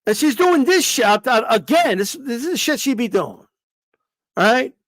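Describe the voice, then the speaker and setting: The high-voiced boxing commentator, very animated yet at a measured pace, rants casually on his live stream. He swears freely, trips over repeated words, and keeps hurling rhetorical questions, all recorded close and dry with no echo.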